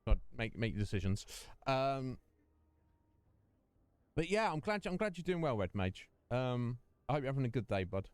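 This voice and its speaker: A man's voice: mid-range voice, big pitch swings, normal speed, clear, resonant tone, dry recording. A man hosting a casual game livestream, chatting and joking with viewers in a rambling way. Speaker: streamer and host. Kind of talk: casual livestream chat over gameplay.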